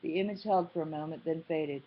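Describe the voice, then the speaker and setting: A woman with a fairly low voice narrates a novel in an even, measured way. The sound is dull and lo-fi, with the top end rolled off. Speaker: audiobook narrator. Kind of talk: scripted narration. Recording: dull lo-fi recording.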